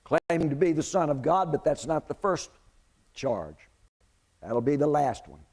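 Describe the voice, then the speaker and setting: A male preacher telling a Bible story from the pulpit at an unhurried pace. His voice sits a touch high and swoops widely as he dramatizes, stopping to quiz the congregation. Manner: animated storyteller who questions the congregation.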